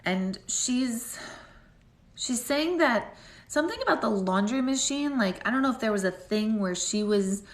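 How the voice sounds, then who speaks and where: A woman's voice: on the high side, animated, a little slow. Chatty woman medium in a roomy space. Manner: chatty, rambling, heavy use of "like". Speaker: intuitive medium. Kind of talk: live-stream psychic reading.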